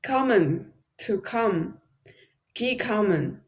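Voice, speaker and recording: A woman's voice: mid-range voice, lively intonation, very slow. A woman practicing German in a lesson, carefully repeating words after the teacher. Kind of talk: language lesson.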